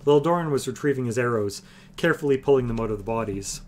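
A man's voice: medium pitch, fast talker, a little mellow. A man reading a fantasy novel aloud on a livestream, earnest and easygoing between chapters. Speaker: reader.

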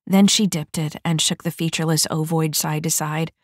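Brief: woman audiobook narrator, low voice, dry close sound, steady delivery. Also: normal speed, no echo.

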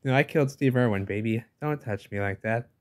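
A man's voice: mid-range voice, a little fast, lightly acted. A man voicing a cocky, menacing male shark that taunts swimmers with a boastful, laughing tone. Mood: taunting.

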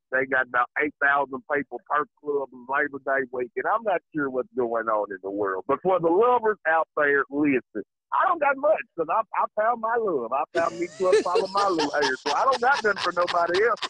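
A man's voice: on the high side, sharp tone, no room sound, poor audio. An actor playing a lovestruck, overexcited male football coach on a comedic morning talk show, talking in a folksy, preachy, emotional way. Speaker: guest. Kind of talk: comedic character bit.

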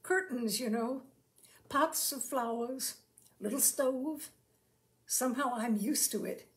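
A woman's voice: on the high side, slow pace. A woman voicing a shy, polite young man who travels as a showman, speaking in rustic, folksy turns of phrase.

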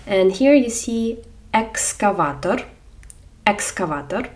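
Slow Ukrainian-accented woman teaching. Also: lowish voice, a little mellow, distant mic. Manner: slow, repeats words clearly for learners. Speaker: language teacher. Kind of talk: beginner language lesson.

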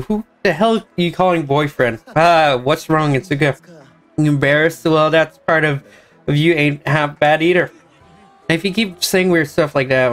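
A man's voice: fairly high pitch, fairly bright tone. Young man reading game lines aloud. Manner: plays each character in quick shifts of voice, joking asides. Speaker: gameplay narrator.

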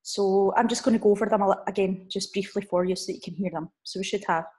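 A woman's voice: medium pitch, steady tone, darkish tone. Patient woman teacher drilling numbers. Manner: slow, drawn-out drill of numbers with frequent "okay?" check-ins. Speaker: language teacher. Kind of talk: recorded online lesson.

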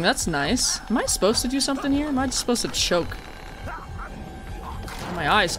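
A woman's voice: on the high side, sing-song, normal speed, long pauses, music in the background. A woman streaming a horror game in casual chat, jokey and swearing, breaking into mock-dramatic wailing.

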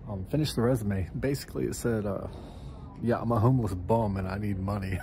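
A man's voice: fairly low pitch, noisy background. A man in a casual vlog, rambling and joking about himself as he goes about his day in a town in winter. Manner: rambling, self-mocking, chatty. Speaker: vlogger.

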